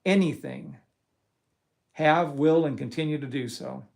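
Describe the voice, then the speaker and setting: A middle-aged man hosting a live trading stream, talking bluntly and profanely and working himself up into loud rants. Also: on the high side, measured pace, gravelly. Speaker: trading course host. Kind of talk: live-stream talk to viewers.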